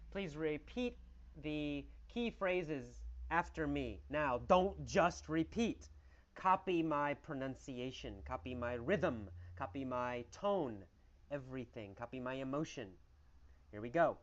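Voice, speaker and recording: A man's voice: a little high, animated, takes it slowly, lo-fi sound. A man teaching English through a story, asking questions and answering them himself with exaggerated emphasis.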